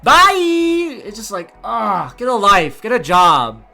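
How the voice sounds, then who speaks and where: A man's voice: high-pitched, lively intonation, a little slow, creaky, sharp tone, soft background music. A man in his thirties hosting a channel, giving a heated, profane, exasperated rant. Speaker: YouTube host. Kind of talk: ranting commentary.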